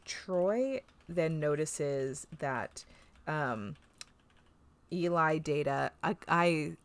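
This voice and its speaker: A woman's voice: low voice, animated, extremely slow. A woman co-hosting a podcast, chatting casually and recapping an episode, with lots of fillers, swearing and laughter. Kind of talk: casual chat.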